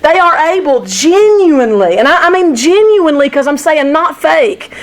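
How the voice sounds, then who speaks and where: A woman's voice: sits high, lively intonation, normal speed. A woman teaching a church Bible study in a candid, self-deprecating way, full of rhetorical questions.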